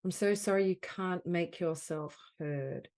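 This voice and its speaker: A woman leading a guided healing session as a soul mentor on a group call. She speaks in slow, soothing, repeated phrases. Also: lowish voice, a little mellow. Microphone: video call.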